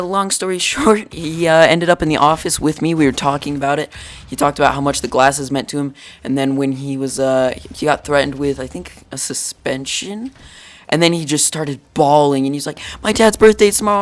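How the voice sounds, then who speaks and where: Teen guy rambling thru a storytime vlog, kinda high voice, jokey, says like and dude a lot. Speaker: YouTuber.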